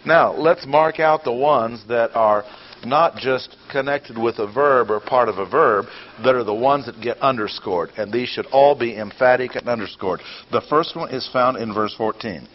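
Man, Bible teacher, mid-pitched voice, deliberate and explanatory, muffled lo-fi recording. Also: slight background noise. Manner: deliberate, explanatory, repeats key points. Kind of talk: classroom Bible lesson. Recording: dull lo-fi recording.

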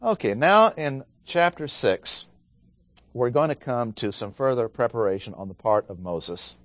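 A man leads a Bible study conversationally, posing questions to his listeners and reading scripture aloud with emphasis. His mid-range voice is animated, unhurried and fairly bright, with no room sound.

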